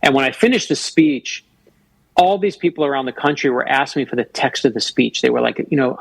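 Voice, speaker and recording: A man's voice: mid-range voice, expressive, a little fast, creaky, slightly rough, no room sound, rough recording. A man in his fifties from Florida, a guest author telling personal stories in a radio interview and acting out the voices he quotes. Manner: earnest storyteller who acts out quoted voices.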